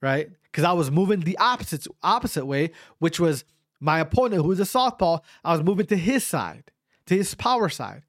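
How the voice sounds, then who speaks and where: Higher-voiced man telling a fight story. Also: a little fast, dry recording, clean studio sound. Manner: animated, frequent restarts and stammers, acts out quotes; casual swearing. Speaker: amateur fighter recounting a bout. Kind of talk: casual storytelling.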